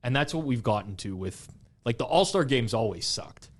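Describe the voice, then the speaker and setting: This is a young adult man co-hosting a casual podcast chat, with a voice pitched in the ordinary middle for a man. He gets animated and rambles, running sentences together and leaning on "like" as he goes. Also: moderate pace. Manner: animated, rambling, heavy use of "like". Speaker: podcast co-host.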